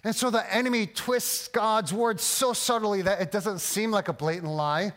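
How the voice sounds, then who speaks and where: A man's voice: sits high, fairly even intonation, moderate pace, a bit bright. A man preaching a sermon as pastor, earnest and emphatic, often restarting his words.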